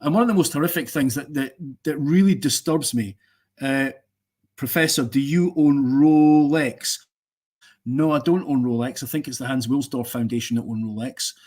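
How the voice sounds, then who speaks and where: A man's voice: mid-range voice, fairly quick, darkish tone. A man hosting a casual live stream, giving strong opinions in a rambling way and joking with viewers.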